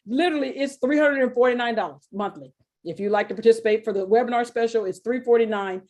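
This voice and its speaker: A middle-aged woman runs a casual sales webinar with a mellow, relaxed voice. She talks in a chatty, colloquial way and slips into little acted-out quotes of other people. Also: mid-range voice, fairly quick. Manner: chatty and animated, acts out quoted voices, laughs often; informal, colloquial phrasing. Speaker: webinar presenter selling an NFT course.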